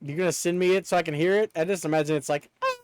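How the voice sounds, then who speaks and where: A man streaming live in casual chat, excitable, swearing often and breaking into laughter. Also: a little high, racing, background noise.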